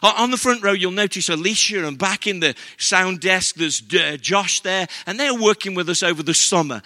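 A man's voice: high voice, normal speed, sharp tone. An older man with an English accent, preaching a sermon as pastor in an earnest, conversational way.

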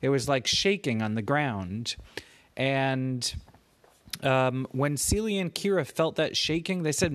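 A man improvising a bedtime story for a child, animated and stopping to ask the child questions. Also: medium pitch, slow pace. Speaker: parent telling a bedtime story.

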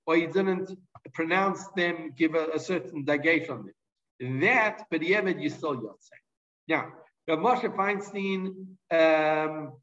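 A man's voice: on the high side, fairly bright tone, distant mic, lo-fi sound. A man teaching a Torah lesson, reading Hebrew and Aramaic sources aloud and explaining them in English, with frequent restarts and fillers. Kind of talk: halachic lesson with Hebrew quotes.

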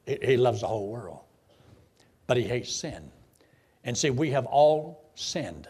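A man, a preacher telling his conversion story in a folksy way, swinging from loud bursts to hushed lows. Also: very animated, unhurried, long pauses, husky. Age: 70s. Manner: folksy storytelling with sudden emotional swells and hushed drops. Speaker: preacher giving his testimony. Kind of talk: sermon testimony.

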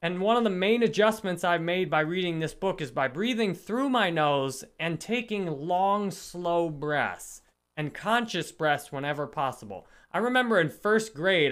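Smooth-voiced man chatting about a book. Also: a little high, fairly bright tone. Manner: earnest, reflective, greets chat viewers. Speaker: livestream host. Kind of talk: casual book discussion.

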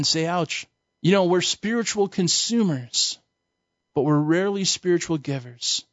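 A man preaching a sermon-style teaching lesson, his voice a little high, emphatic and casual as he tells stories. The sound is close and dry with no room echo. It comes through on a dull, muffled recording. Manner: emphatic, colloquial preaching with storytelling. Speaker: Bible teacher.

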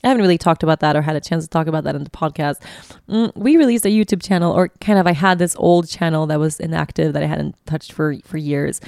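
A woman hosts her own podcast from a guest bedroom, sitting on a bed and giving a casual, heartfelt, reflective solo monologue, often restarting her sentences. Her voice is lowish and a little mellow, with vocal fry, in a dry, studio-quality recording.

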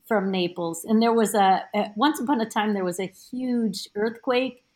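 A woman guest on a podcast, a teacher, chatting and explaining in a halting way with many restarts, heard over a remote call. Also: mid-range voice, darkish tone. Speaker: guest, teacher of Italian studies. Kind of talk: casual podcast chat.

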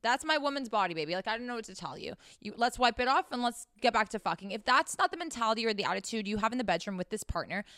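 A woman's voice: on the high side, animated, quick pace, few pauses, sharp tone, no room sound, studio quality. A young woman hosting a frank, casual monologue, blunt and profane as she talks straight to her listeners. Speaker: host.

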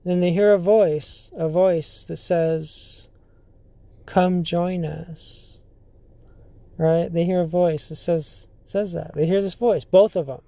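Slow, halting podcast storyteller. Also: mid-range voice, fairly even intonation, warm tone, dry recording. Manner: halting, filler-heavy, often restarts sentences. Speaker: podcast host. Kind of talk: casual storytelling.

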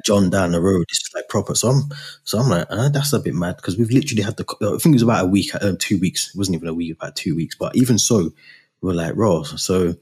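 A young man chats casually. His voice is very low and husky. He tells his story in a relaxed, slangy way. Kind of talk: casual chat.

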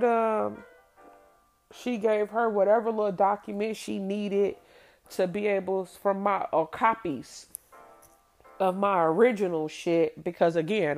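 Woman with a gravelly, creaky voice, blunt and candid, recounting her past over faint music. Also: mid-range voice, fairly even intonation, measured pace, darkish tone. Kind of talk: personal storytelling.

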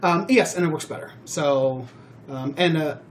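A man with a slightly high voice talks through his own stories on a casual podcast. He rambles and stacks up fillers as he goes, and his delivery stays animated. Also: moderate pace, a little hiss or hum. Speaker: podcast host. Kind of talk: casual chat.

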